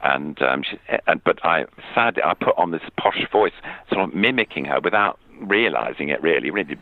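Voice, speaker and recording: A man in his seventies reminiscing as an interview guest, storytelling haltingly with many restarts. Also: a bass voice, lively intonation, no room sound. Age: 70s. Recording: tinny phone-line sound, dry.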